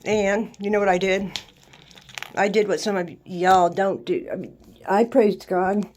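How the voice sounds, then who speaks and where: A woman's voice: medium pitch, a little slow, slight background noise. A woman, telling her life story in an emphatic, faith-filled monologue. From Louisiana, USA. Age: 60s. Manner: lively, emphatic testimony with faith talk. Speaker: vlogger.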